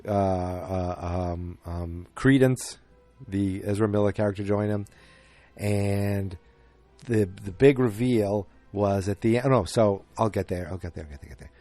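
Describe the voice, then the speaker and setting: A man's voice: lowish voice, a little slow, mellow, no room sound, faint music behind. A man hosting a podcast, casually recapping a film in a rambling way with lots of fillers and restarts. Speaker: podcast host.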